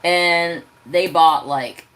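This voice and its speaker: Man, crafting livestream host, casual storytelling, animated, ranting, swearing, at home. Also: fairly high pitch, very slow.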